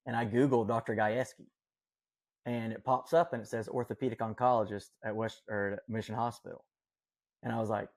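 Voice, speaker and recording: A man's voice: mid-range voice, a little mellow. A man telling a personal story as a podcast guest, earnest and rambling, with many fillers and self-corrections. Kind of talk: casual storytelling.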